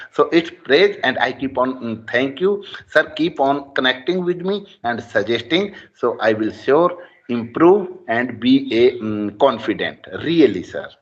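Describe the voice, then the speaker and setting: Man, student, halting, earnest, mid pitch, lo-fi line. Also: a bit bright. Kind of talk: online class conversation.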